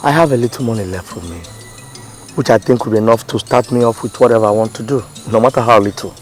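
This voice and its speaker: A man's voice: medium pitch, fast, soft background music, natural voice. A man with a Nigerian accent playing an earnest young man, speaking in a film scene. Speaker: young man leaving for the city. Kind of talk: film acting.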